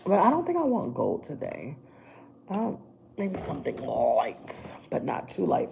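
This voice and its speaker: Woman livestreamer, low gravelly voice, mellow tone, chatty makeup talk, dull phone-mic sound. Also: big pitch swings, moderate pace, slight background noise. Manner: chatty, talks to viewers while doing her brows. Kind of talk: casual live makeup chat.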